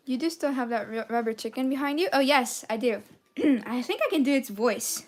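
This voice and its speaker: A woman's voice: sits high, moderate pace. A young woman chatting casually and playfully on a live stream while she colors, giggling often. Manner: playful and giggly, jumps between topics.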